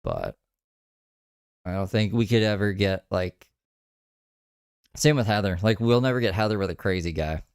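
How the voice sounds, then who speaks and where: A man's voice: fairly low pitch, very animated, moderate pace, long pauses, clean tone, no echo, studio quality. A man hosting a podcast, rambling in crude, casual commentary with lots of filler words. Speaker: podcast host.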